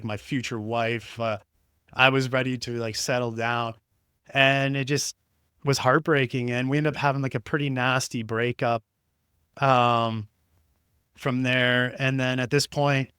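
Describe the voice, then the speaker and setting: Rambling young man, smooth dry voice. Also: medium pitch, fairly bright tone, no echo. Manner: rambling, heavy use of "like" fillers. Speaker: podcast host. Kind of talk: personal storytelling. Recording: dry close-mic home studio.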